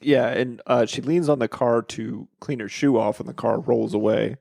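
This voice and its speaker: A man with a gravelly, creaky voice recaps a movie with his co-host in loose, joking chat. His voice is recorded dry and close. He teases and laughs often. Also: mid-range voice, fairly even intonation, normal speed, darkish tone, no room sound. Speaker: podcast co-host.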